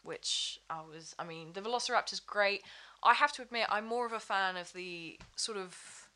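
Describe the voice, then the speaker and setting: A woman's voice: mid-range voice, moderate pace, pushed and bright. A woman chatting as a podcast guest, rambling with many fillers and restarts. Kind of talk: casual chat.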